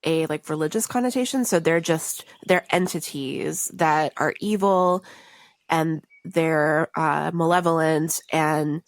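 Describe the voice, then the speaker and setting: A woman's voice: low voice, slow, dry recording. A woman co-hosting a podcast, talking through ideas casually with lots of "like" and "um". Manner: thoughtful, many fillers like "like" and "um". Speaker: podcast co-host. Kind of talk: casual movie discussion.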